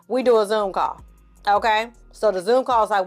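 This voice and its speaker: A woman's voice: mid-range voice, moderate pace, soft background music. A woman ranting through a bad movie review in a casual, sarcastic, profane style. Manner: sarcastic, profane, animated storytelling.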